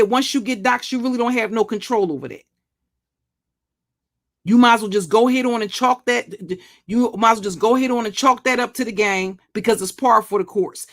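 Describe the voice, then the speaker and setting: Older woman, pitch a bit high, profane, threatening, restarts and stammers. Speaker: YouTube commentary channel host. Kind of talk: blunt monologue vlog.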